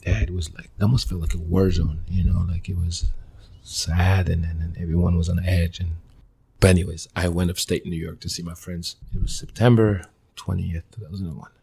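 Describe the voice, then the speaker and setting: Gravelly low-voiced man. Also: level tone, mellow. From Mali. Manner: earnest, halting, with many restarts and short fragments. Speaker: interview guest, former pro soccer player. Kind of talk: personal storytelling in a conversational interview.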